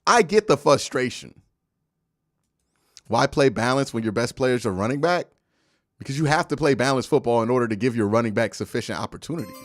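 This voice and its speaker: Young man, live-stream host, animated, argumentative, answers chat, lively pitch, dry close mic. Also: a little fast, no echo. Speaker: host of a live football post-game stream. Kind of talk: casual live-stream commentary.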